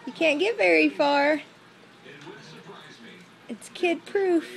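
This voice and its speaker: A woman's voice: high-pitched, slow, vocal fry. A young mother cooing in a giggly, sing-song baby-talk voice while filming her baby at home. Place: home, indoors. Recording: noisy home camcorder audio.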